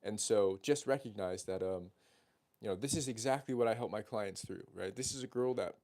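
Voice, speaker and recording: A man in his twenties, a dating coach, telling a story in animated, casual speech full of swearing and restarts. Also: on the low side, brisk. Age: 20s.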